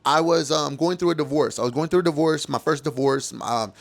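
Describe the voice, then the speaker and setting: Fairly high-pitched and fairly quick, with vocal fry, this podcast host rants emotionally about things he's lived through, swearing and circling back over the same points.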